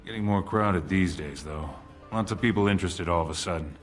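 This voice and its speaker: An actor playing a weary, blunt male dwarf soldier in a video game, talking in gruff, clipped phrases. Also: deep voice, brisk, lightly acted. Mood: plain, gruff. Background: game music.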